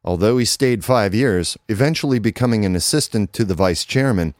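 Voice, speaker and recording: Low-ish guy reading a news article, steady and even, dry close mic. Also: no echo. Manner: measured, even newsreader delivery, reading quotes aloud. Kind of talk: scripted read-aloud narration.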